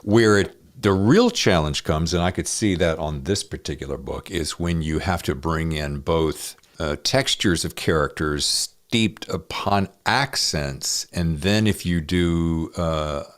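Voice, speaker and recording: A man hosting an interview podcast, talking in a measured, deliberate way with frequent fillers; he also narrates audiobooks. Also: deep voice. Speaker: podcast host. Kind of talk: conversational interview.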